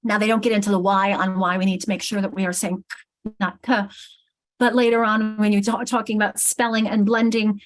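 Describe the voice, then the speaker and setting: A woman's voice: medium pitch, flat delivery, quick pace, few pauses. Woman trainer sounding out vowel sounds. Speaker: literacy trainer. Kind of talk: online teacher training.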